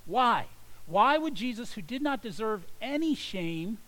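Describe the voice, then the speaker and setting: A man delivering a sermon in a high, light voice. He moves between quiet, weighty pauses and sudden forceful rises as he recites scripture and asks questions to the congregation. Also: big pitch swings, poor audio. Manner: dramatic, quoting scripture with swings between hushed and loud. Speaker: pastor.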